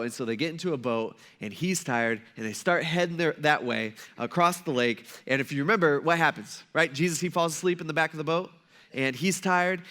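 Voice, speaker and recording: A man's voice: on the high side, fairly bright tone. A male pastor giving a casual, storytelling sermon and acting out the people in it. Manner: casual storytelling, acts out quoted voices.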